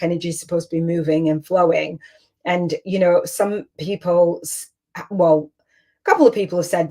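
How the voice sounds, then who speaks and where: A woman's voice: fairly low pitch, darkish tone. A middle-aged woman hosting a casual online coaching session, talking in a chatty, emotional, rambling way with many restarts. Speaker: business coach and host.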